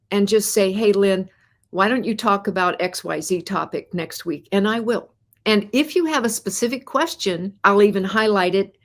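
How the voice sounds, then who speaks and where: Encouraging woman hosting a live money show. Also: medium pitch. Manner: encouraging, asks the audience many questions; repeats words and restarts phrases. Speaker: host. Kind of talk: live podcast talk to viewers.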